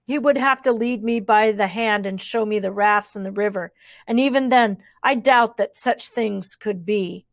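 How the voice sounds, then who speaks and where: A woman voicing a gruff, doubting grown man in a storybook reading. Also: mid-range voice, normal speed, dry recording, close to an everyday voice. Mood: scoffing.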